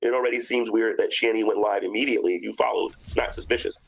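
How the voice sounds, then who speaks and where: A man's voice: on the low side, steady tone, fast talker, vocal fry, a bit bright, low-quality recording. A man hosting a casual livestream chat on an online call, joking and laughing often.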